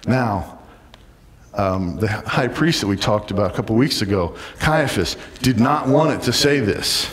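A man preaching a sermon in a church, lively and dramatic, sometimes acting out the voices of a crowd. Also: lowish voice, a little slow, big-room sound. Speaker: pastor. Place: church sanctuary.

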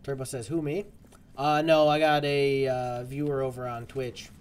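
A medium-pitched man with a flat delivery speaks at normal speed over slight background noise. He's streaming a game, chatting casually and rambling to viewers as he plays.

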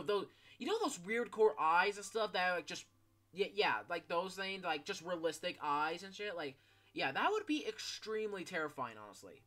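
A fourteen-year-old gaming YouTuber rambles through casual gameplay commentary, full of fillers and casual swearing. The voice is medium-pitched and a bit bright.

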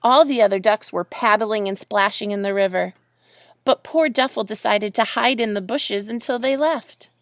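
A woman reading a picture book aloud to children in an animated way, stopping to ask them questions. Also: mid-range voice, moderate pace, dry recording. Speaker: storyteller.

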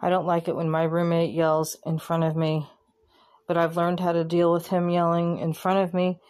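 Low, flat-voiced woman vlogger. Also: normal speed. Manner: plainspoken, candid, with hesitant restarts. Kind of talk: casual reflective commentary.

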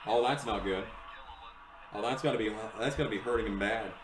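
A young man giving live reaction commentary to a race, excitable and swearing, yelling at the screen. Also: on the low side, a little fast, echoey room, a crowd in the background, low-quality recording.

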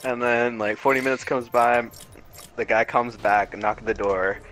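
A man's voice: medium pitch, level tone, moderate pace. A young man streaming, telling a story in casual slang and laughing often. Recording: loud music behind. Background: loud music.

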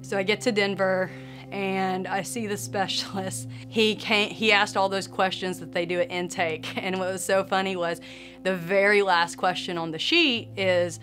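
A woman sharing a personal faith testimony in an earnest, emotional way, with soft laughs between phrases. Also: mid-range voice, fairly even intonation, moderate pace, faint music behind.

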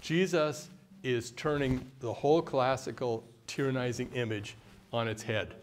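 A man's voice: mid-range voice, fairly even intonation, slight background noise. An older man from the United States, giving a conversational workshop talk and often quizzing the audience with questions. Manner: mimics a haughty deliberate voice at times. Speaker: workshop speaker.

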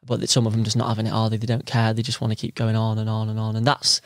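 A young London man appears as a guest angler on a podcast, speaking very fast in a lowish, monotone voice. He's an easygoing storyteller who chats casually and acts out the people he quotes, in a dry, studio-quality recording.

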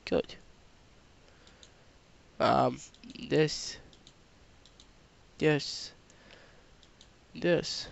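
A man's voice: a little high, extremely slow, creaky, pauses often. A young man with a stuffy cold, casually commenting on his own gameplay as a channel host, chatty and self-mocking. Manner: chatty, self-mocking, talks to himself while playing.

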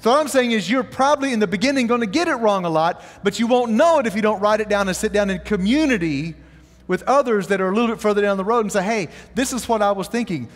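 A man's voice: high-pitched, fast talker, big-room sound. A man preaching a sermon as pastor, telling a story and asking the congregation questions. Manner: animated storytelling, asks the audience questions. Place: church sanctuary.

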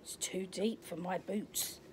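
A woman's voice: on the low side, fairly even intonation, takes it slowly, noisy background. A woman voicing a timid young boy otter, anxious and whiny, in a children's storybook reading. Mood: frightened.

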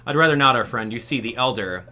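An earnest young skeleton hero from a video game speaks plainly and directly. A man reads him in a bright voice close to his own. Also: medium pitch, animated, fast, faint music behind.

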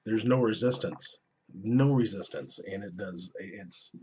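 Young guy doing a rambly cursing vape review, low raspy voice, muffled lo-fi audio. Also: measured pace, darkish tone. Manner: rambling, profane, self-interrupting. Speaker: vlogger reviewing vape gear. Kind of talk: casual product review. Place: indoors at home. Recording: dull lo-fi camera audio.

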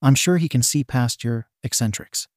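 A man's voice: mid-range voice, moderate pace, a little mellow, dry recording, studio quality, lightly acted. A man voicing a formal, earnest teenage boy who speaks in a firm tone, in a storybook reading.

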